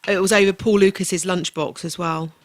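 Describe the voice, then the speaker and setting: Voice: medium pitch, fairly even intonation, normal speed, dry recording. A podcast co-host chatting casually and hesitantly. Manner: hesitant, reluctant. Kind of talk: casual chat.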